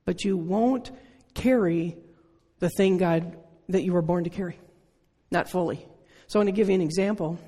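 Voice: mid-range voice, moderate pace, warm tone. A preacher in their sixties giving an earnest, conversational sermon full of rhetorical questions. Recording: long reverb of a large hall.

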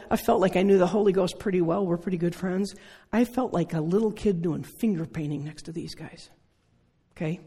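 Older preacher, dark mellow voice, husky edge, earnest sermon, rhetorical questions, long hall reverb. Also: mid-range voice.

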